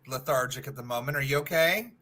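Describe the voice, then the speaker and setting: A man co-hosting a casual livestream chat, animated and teasing, who swears freely. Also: medium pitch, quick pace. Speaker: co-host.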